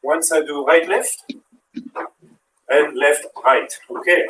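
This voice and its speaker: A man's voice: fairly high pitch, slow, sharp tone, echoey room, recorded from a distance, slight background noise, poor audio. A man with a French accent, a fitness instructor who counts reps and coaches while he exercises. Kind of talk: live workout demonstration.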